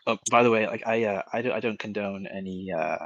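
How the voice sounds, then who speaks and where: A man in a casual voice chat, hurrying along but stumbling through filler words and restarts. His voice is fairly low. A dull, lo-fi mic leaves it dry and muffled. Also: fairly quick, a bit bright, no echo.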